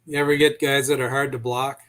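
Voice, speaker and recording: A man's voice: mid-range voice, little pitch movement, a little fast, a bit bright. A man chatting in a friendly way and telling anecdotes, with an occasional chuckle. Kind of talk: casual chat, storytelling.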